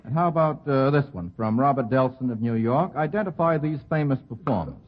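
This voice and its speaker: A man moderating a 1940s radio quiz show, putting questions to the panel with brisk, amused banter. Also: medium pitch, lively intonation, dull audio.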